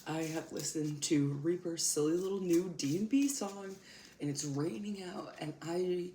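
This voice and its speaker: A woman's voice: lowish voice, a little slow. A young woman hosting a casual tarot reading, chatty and laughing often, with casual swearing. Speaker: tarot reader and channel host. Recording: echoey room with loud background noise.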